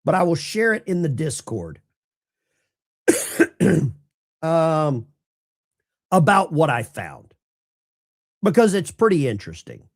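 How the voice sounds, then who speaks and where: A man's voice: on the high side, sing-song, slow pace, long pauses. A man hosting a live stream of political commentary, talking to his chat viewers in a sarcastic, rambling way with many restarts. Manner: addresses chat viewers directly. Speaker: political commentary livestream host.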